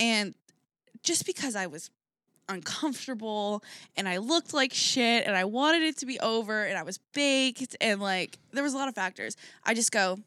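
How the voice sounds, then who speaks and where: A woman's voice: a little high, animated, normal speed, sharp tone, dry recording, clean studio sound. A young woman co-hosting a casual podcast, rambling with lots of fillers and swearing freely. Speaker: podcast co-host. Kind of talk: casual chat.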